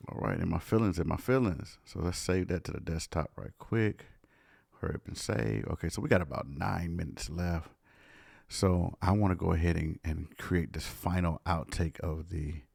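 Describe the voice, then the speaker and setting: A man's voice: sits low, vocal fry, a little mellow, slightly rough, dry recording. A man music producer, casually talking viewers through a live studio session. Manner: casual, talks through his work with viewers.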